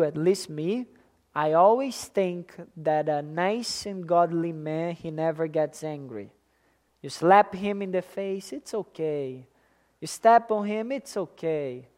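Preacher mid-sermon: slow, deliberate delivery with mid-range pitch, hammering phrases through repetition, loud stresses dropping to quiet asides. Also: expressive. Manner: deliberate and emphatic, repeating key phrases.

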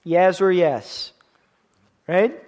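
A man's voice: high voice, lively intonation, extremely slow, a little mellow. A pastor in his thirties preaching a sermon in English, his second language, with a foreign accent. He repeats key words for emphasis and keeps checking in with the congregation. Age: 30s.

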